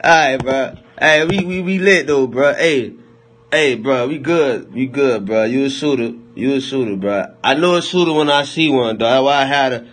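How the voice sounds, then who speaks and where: A man's voice: mid-range voice, moderate pace, fairly bright tone. A young man chatting loosely on a phone livestream, rambling, laughing and teasing his viewers in heavy slang. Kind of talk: loose joking livestream chat.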